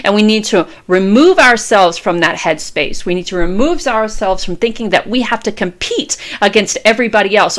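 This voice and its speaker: A woman's voice: mid-range voice, a bit bright. A woman in her fifties gives a fervent, preachy motivational talk as a tarot reader. She repeats phrases and swears freely as she urges her viewers on. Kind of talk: impassioned motivational monologue.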